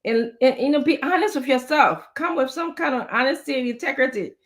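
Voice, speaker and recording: A woman, a guest giving measured political commentary on a talk show. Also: high voice. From Liberia.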